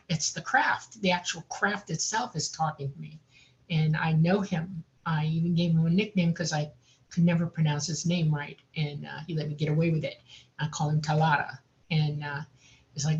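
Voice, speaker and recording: Lively lower-voiced woman telling her story. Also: normal speed, highs cut off. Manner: animated, laughs often, repeats "I mean". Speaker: guest recounting an abduction experience. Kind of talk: casual personal storytelling.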